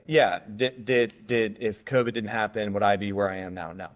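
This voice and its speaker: A man's voice: fairly low pitch, fairly even intonation, normal speed, hardly any pauses. A man hosting a podcast, chatting casually and encouragingly, with rambling sentences full of filler words. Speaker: podcast host. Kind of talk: casual interview chat.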